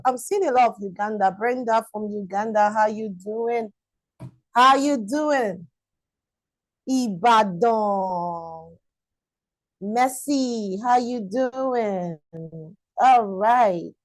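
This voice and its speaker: A woman's voice: on the high side, no room sound, rough recording. A woman teaching a live-streamed online class, enthusiastic and repetitive, greeting viewers by name.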